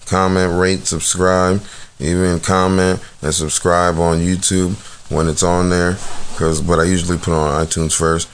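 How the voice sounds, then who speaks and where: A man's voice: low voice, flat delivery, measured pace, slight background noise. A man hosting a casual podcast, giving blunt, profane, rambling commentary full of fillers and restarts. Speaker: podcast host reviewing rap battles.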